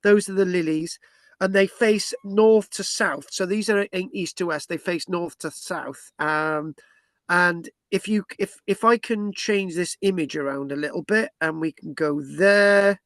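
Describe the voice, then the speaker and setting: A man's voice: high-pitched, a little slow, a bit bright, no room sound. A man from Britain presents archaeology, explaining a site plan in a rambling way with restarts and frequent tag questions.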